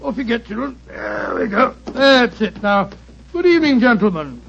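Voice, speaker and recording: An actor playing a jovial, kindly Doctor Watson dressed as Santa, in 1940s radio acting on a dull old recording. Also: male voice, high-pitched, animated, moderate pace, vocal fry, fairly bright tone, a little hiss or hum, exaggerated voice. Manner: kindly and bluff.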